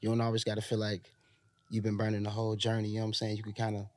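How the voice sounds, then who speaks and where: A man with a Chicago accent speaks low and easy, drifting through thoughts with frequent ums and street slang. The sound is close and dry, with no room around his voice. He comes across as an interview guest chatting casually. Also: monotone, racing, a little mellow, dry recording. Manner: laid-back, slangy, reflective with many ums. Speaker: R&B singer, guest.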